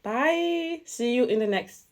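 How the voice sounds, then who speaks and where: A young woman vlogger telling a casual storytime, chatty and animated, often breaking into laughter. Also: sits high, slow pace.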